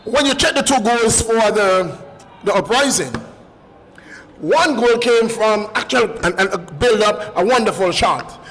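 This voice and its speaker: A man giving live football commentary, excitable and bantering, shouting when goals go in. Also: sits high, measured pace, long reverb tail, slight background noise, poor audio. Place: stadium commentary position.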